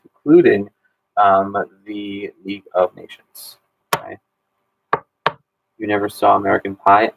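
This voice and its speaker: A man's voice: lowish voice, creaky, slightly rough, rough recording. A man in his thirties, a history teacher running a casual exam review Q&A and talking in a chatty way with many ums and restarts.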